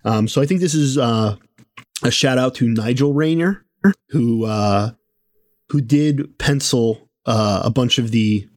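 A man's voice: medium pitch, measured pace, darkish tone, no echo, studio quality. A man co-hosting a casual podcast, talking with many fillers and restarts. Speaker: podcast co-host.

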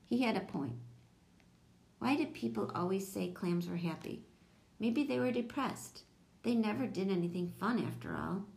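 A woman narrating a children's chapter book in a steady, even storytelling voice. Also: mid-range voice, normal speed, gravelly. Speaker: audiobook reader.

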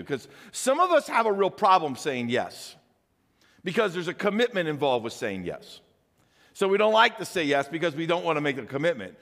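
An older man preaching a sermon as a pastor, talking conversationally with animated rhetorical questions. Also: high-pitched, big-room sound.

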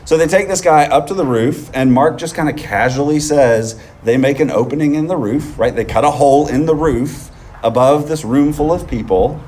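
A man preaching a sermon in a relaxed, conversational way, often checking in with the listeners with a quick "right?". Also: fairly high pitch, a little hiss or hum. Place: outdoors on a field.

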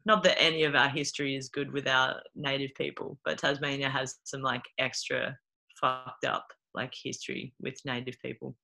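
A woman's voice: very deep voice, level tone, moderate pace, creaky, pushed and bright. A woman with an Australian accent in casual, chatty talk, laughing often. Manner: giggly, chatty, lots of fillers. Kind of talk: casual chat.

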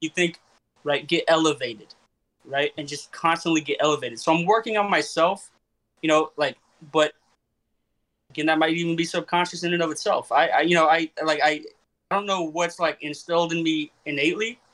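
A man's voice: fairly high pitch, brisk, fairly bright tone. A young man hosting a casual podcast chat, rambling and questioning himself with many restarts. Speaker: podcast host and comedian.

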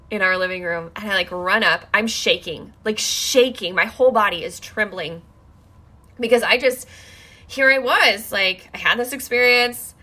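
Bright-voiced woman telling a personal story. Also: mid-range voice. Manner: emotional, rambling, many "like" fillers.

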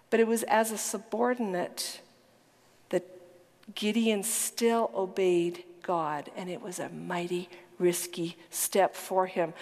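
A woman preaching a sermon with earnest, emphatic storytelling, sometimes dropping to a whisper. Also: medium pitch. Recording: long hall reverb.

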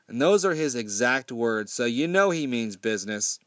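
A man's voice: medium pitch, animated, moderate pace, few pauses, a bit bright, dry recording, clean studio sound. A man casually recapping a horror film with sarcasm and frequent swearing, briefly mimicking the characters' lines. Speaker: movie reviewer. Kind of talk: casual profane movie recap.

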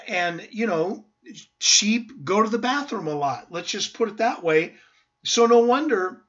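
A man's voice: high voice, fairly bright tone, lo-fi sound. A man pastor teaching a verse-by-verse Bible sermon, earnest and emphatic, with rhetorical questions to his listeners.

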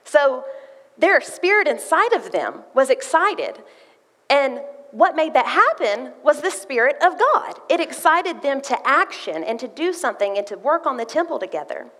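A woman's voice: high voice, sing-song, moderate pace, fairly bright tone. A woman giving a sermon with a personal testimony, telling her story earnestly and reading scripture aloud. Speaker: church speaker sharing a testimony. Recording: long hall reverb.

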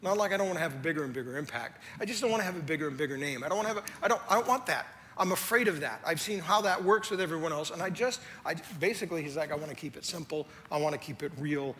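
A male lead pastor delivers a conversational sermon, his voice bright and forceful and pitched a little high. He moves between animated emphasis and hushed, quiet passages. The sound carries a long hall reverb over a faint room ambience. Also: rapid-fire, hardly any pauses, a little hiss or hum.

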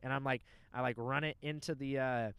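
A man's voice: mid-range voice, fairly quick, clear, resonant tone, no room sound. A young man telling rambling, profane stories in casual chat. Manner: animated, profane storyteller.

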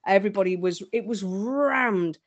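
A woman as a guest, telling stories in an animated, storytelling way. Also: mid-range voice, moderate pace, muffled recording. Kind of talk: casual fan chat.

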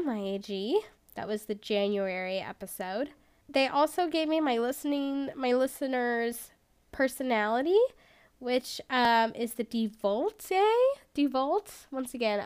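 A woman with a high, smooth voice hosts her own podcast solo. She rambles chattily, leans on "like" and pokes fun at herself. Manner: rambling and chatty, heavy on "like", self-deprecating. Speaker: podcast host. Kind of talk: casual solo podcast chat.

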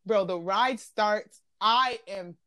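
A young woman hosting a casual chat podcast, slipping into slang and acting out quotes as she tells a story. Her voice sits in a middle register and comes across close and dry, with no room sound around it. She talks in an easy, animated way. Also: medium pitch, takes it slowly, dry recording. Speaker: podcast host.

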